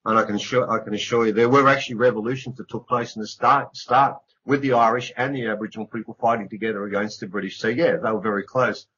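A man's voice: fairly low pitch, steady tone, fast talker, few pauses, sharp tone, husky. A middle-aged man, an author speaking as a radio interview guest, earnest and emphatic, repeating words for stress. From Australia. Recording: dull lo-fi radio recording.

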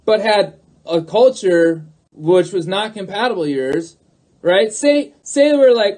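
A man's voice: sits high, expressive, measured pace, darkish tone. Emphatic man ranting on a livestream. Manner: emphatic, repeats himself, keeps calling out to viewers. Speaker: livestream host. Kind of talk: livestream monologue.

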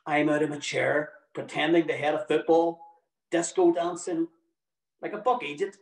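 A man's voice: a little high, steady tone, moderate pace, reverberant, recorded from a distance, low-quality recording. A middle-aged man, telling a personal story to an audience with dry, wry, mock-exasperated humour.

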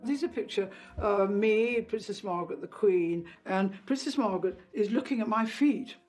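A woman's voice: medium pitch, moderate pace, a little mellow, faint music behind. An older English woman recalling memories in an interview, telling anecdotes and acting out voices. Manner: anecdotal, acts out remembered voices. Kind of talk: reminiscing interview.

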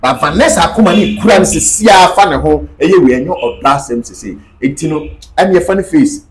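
Animated high-voiced man. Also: fairly quick, poor audio. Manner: animated, emphatic, repeats key phrases. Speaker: interview guest. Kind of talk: casual interview talk mixing Twi and English.

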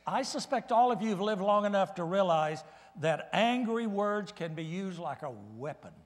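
A man preaching a guest sermon in a church, animated and swinging from loud bursts to hushed asides. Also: high-pitched, moderate pace. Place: church sanctuary. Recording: reverberant church hall.

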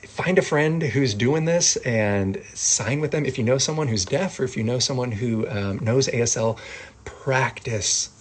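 Slow, patient male sign language teacher. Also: mid-range voice, breathy edge, poor audio. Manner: calm, repeats each word, gentle asides. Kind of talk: slow vocabulary lesson.

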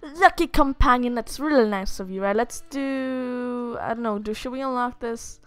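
A woman's voice: fairly high pitch, normal speed, clean tone. A young woman from Lithuania chatting casually through a matchmaking game, reading the characters' lines aloud in playful voices. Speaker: gaming YouTuber. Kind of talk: casual let's-play commentary.

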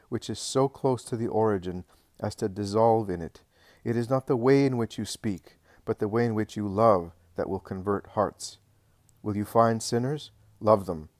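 A man reading the lines of Jesus as a calm, patient male teacher in a religious audiobook. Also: on the low side, no echo, clean studio sound, lightly acted. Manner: measured, patient, reassuring.

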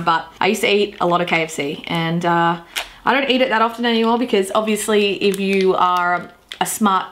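A woman's voice: medium pitch, a bit bright. A young Australian woman chatting playfully with crude jokes and giggles, talking to camera while she eats. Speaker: vlogger. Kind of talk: casual eating-show vlog. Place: parked car.

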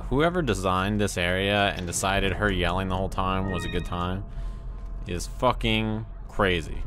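A man's voice: sits low, moderate pace, fairly bright tone. A man with a nasal voice, cursing and trash-talking through casual live commentary on a video game. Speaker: game streamer. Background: game music.

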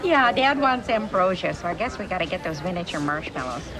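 A woman's voice: on the low side, sing-song, fairly quick, over music. An actress playing a bubbly woman car rental clerk who chatters in a sing-song way in a film scene. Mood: chirpy. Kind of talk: film comedy acting. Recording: film clip with busy crowd behind.

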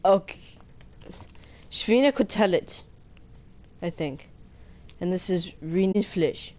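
A woman hosting a gaming channel, chatting casually as she plays, breaking into excited squeals and slowly sounding out foreign words. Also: fairly low pitch. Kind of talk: casual gameplay commentary.

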